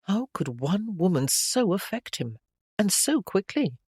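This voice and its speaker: Measured audiobook narrator, dry sound. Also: mid-range voice, sing-song, darkish tone, husky, no room sound. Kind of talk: audiobook narration of a romance novel.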